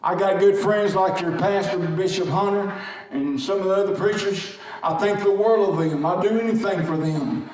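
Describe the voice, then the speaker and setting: High-pitched preacher man hollering call and response, big echoey church, mic far off. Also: moderate pace. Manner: fervent call-and-response preaching, shouting and chanting. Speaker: guest preacher. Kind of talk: sermon. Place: large echoey church sanctuary. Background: congregation responding.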